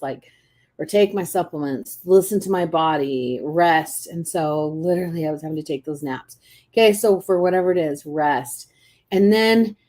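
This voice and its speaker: Chatty animated woman coach. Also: lowish voice. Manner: chatty and animated, acts out little voices, many restarts. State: clearing her throat often. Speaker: intuitive coach hosting a live reading. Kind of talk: casual live-stream teaching.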